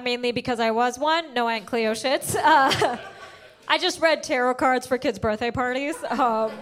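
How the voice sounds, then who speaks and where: A woman's voice: high voice, a bit bright. A woman from the United States doing stand-up comedy, brash and punchy, often laughing through her lines.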